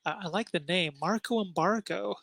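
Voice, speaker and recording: A woman co-hosting a casual livestream chat, speaking haltingly with fillers. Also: fairly low pitch, gravelly, a bit bright, dry recording.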